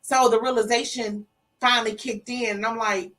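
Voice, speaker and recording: A woman's voice: a little high, normal speed, far from the mic, rough recording. A middle-aged woman telling an emotional story in an interview, acting out the voices of the people in it. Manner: emotional, animated retelling with acted-out quotes. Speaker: interview guest. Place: studio.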